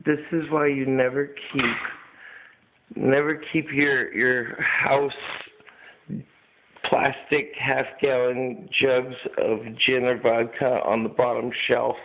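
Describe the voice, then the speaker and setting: Man, home video, slow unhurried talk, coaxing and chatty, casual swearing, thin phone-like sound. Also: mid-range voice, little pitch movement, gravelly. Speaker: dog owner filming his pet. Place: at home indoors.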